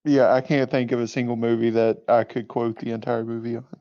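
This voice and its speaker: A man's voice: medium pitch, flat delivery, brisk, warm tone, highs cut off. A man co-hosting a podcast in casual chat, easygoing and laughing often. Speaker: podcast co-host.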